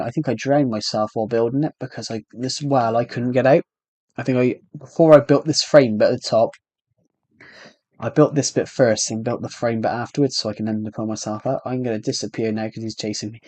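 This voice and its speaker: A man's voice: medium pitch, fairly even intonation, fairly quick, a little mellow, dry recording. A man with a British accent chatting casually to viewers while livestreaming a game, rambling and talking to himself as he plays. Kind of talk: casual gameplay livestream chat.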